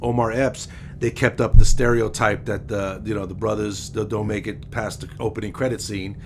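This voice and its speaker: A man co-hosting a podcast, talking casually about horror movies and getting animated when he quotes scenes. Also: lowish voice, normal speed, gravelly, noisy background. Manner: animated, quotes lines with playful emphasis. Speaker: podcast co-host. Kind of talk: casual chat.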